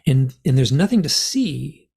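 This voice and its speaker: Gravelly, husky man telling a story. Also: medium pitch, measured pace. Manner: animated, rambling, filler-heavy. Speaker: guest author and experiencer. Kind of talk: conversational storytelling.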